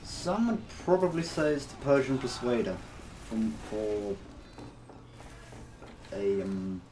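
A male gaming host talks through his match in a slow, drawn-out way. His pitch leaps around, and he bursts from mumbling into shouts. A steady hiss of noise sits under the recording. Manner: excitable, swinging from mumbles to loud outbursts and yells. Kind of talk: casual gameplay commentary.

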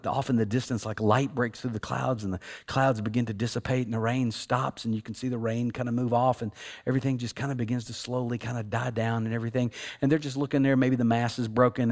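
A man, the senior pastor, preaching a sermon in a conversational way. He repeats words for emphasis and drops from loud, emphatic peaks to hushed, quiet stretches. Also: medium pitch. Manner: repeats words for emphasis, casual fillers like "like" and "you know".

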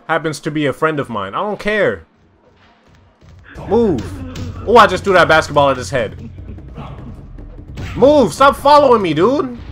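A young man talks over his gameplay in a lively, bright voice that swings up into loud, exasperated outbursts. He is slangy and repeats his lines for effect, and soft music plays underneath him. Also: a little high, normal speed, long pauses. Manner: loud, animated, exasperated reactions to the game. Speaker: gaming YouTuber. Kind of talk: casual let's-play commentary.

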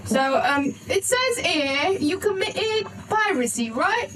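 A woman's voice: very high-pitched, big pitch swings, slow pace, a bit bright, full character voice, low-quality recording. A woman voicing a scrawny young male town guard who mockingly tacks "right?" onto every accusation, over a faint hiss. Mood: smug, accusing. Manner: mocking, repeats "right?" after every charge.

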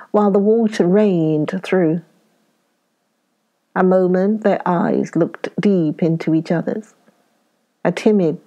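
A woman reading a story aloud as a measured audiobook narrator. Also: on the low side, mellow.

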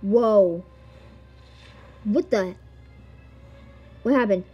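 A woman's voice: mid-range voice, drawn-out words, breathy edge, dull audio, faint music behind. A woman giggling and exclaiming as she plays a video game and reads its text aloud. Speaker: gamer. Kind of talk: let's-play commentary.

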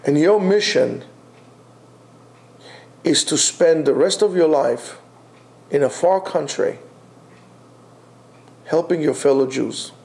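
A man's voice: fairly high pitch, slow pace, gravelly, pauses often, darkish tone. A man teaching a Torah class in a classroom, emphatic, repeating his phrases and asking rhetorical questions.

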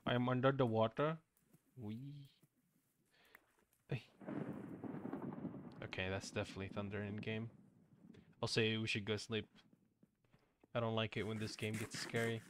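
A man's voice: lowish voice, flat delivery, background noise. A young man streaming as a VTuber, chatting casually while playing a game with a friend. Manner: chatty, quick shifts between loud and soft. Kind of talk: casual gaming chat.

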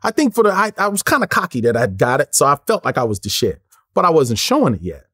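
A man's voice: fairly high pitch, quick pace, breathy edge, no echo, clean studio sound. A man in his forties from Los Angeles, an interview guest telling stories and acting out the lines of the people in them. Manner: acts out quoted lines in lively voices, swears freely. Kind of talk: animated storytelling.

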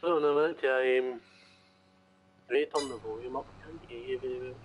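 A man's voice: medium pitch, moderate pace, slight background noise. A man from Glasgow with a Glaswegian Scottish accent, a fellow player chatting casually and easygoing over voice chat. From Glasgow, Scotland.

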